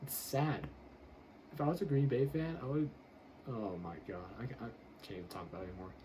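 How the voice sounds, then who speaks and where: A man's voice: mid-range voice, lively intonation, a little fast, noisy background. Blunt, exasperated man ranting about football. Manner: blunt, exasperated, swears and laughs while ranting. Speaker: football draft grader. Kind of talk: casual sports commentary.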